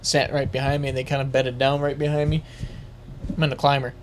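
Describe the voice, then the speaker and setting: A man's voice: mid-range voice, little pitch movement, fairly quick, a little hiss or hum. Man rambling about deer hunting. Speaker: guest. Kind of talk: casual hunting chat.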